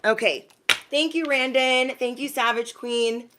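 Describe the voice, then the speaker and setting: A woman's voice: on the high side, fairly even intonation, a little slow, background noise. A woman giving a live-streamed zodiac reading. She is chatty and slangy, talks straight to her viewers, and often acts out quoted voices. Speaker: intuitive card reader.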